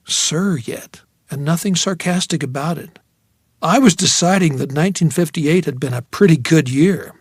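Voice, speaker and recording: A man narrates a first-person novel in a wry, reflective way. His voice sits a little on the high side. The read is dry and close to the mic. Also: normal speed, a little mellow, slightly rough, no echo. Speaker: audiobook narrator.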